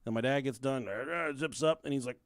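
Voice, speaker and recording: A man's voice: mid-range voice, fairly quick, smooth, no room sound, clean studio sound. A man co-hosting a podcast, telling a crude childhood story in a rambling, casual way and laughing as he goes. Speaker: podcast co-host.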